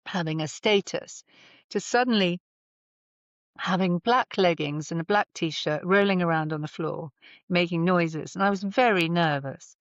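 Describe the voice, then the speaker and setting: A woman's voice: fairly low pitch, a little slow, no room sound. Thoughtful woman voice therapist. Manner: thoughtful, demonstrative, explains with examples. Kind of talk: explanatory conversational interview. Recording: slightly dull remote audio.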